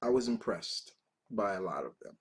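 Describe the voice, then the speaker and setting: A man's voice: lowish voice, expressive, normal speed, husky. A man in his thirties hosting a reaction video, telling personal stories in a casual, profane and emotional way, full of restarts. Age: 30s.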